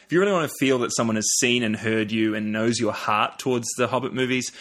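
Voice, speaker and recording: A man's voice: medium pitch, quick pace, fairly bright tone. A man with a New Zealand accent, a podcast guest chatting casually with many fillers, restarts and easy laughter. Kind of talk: casual chat.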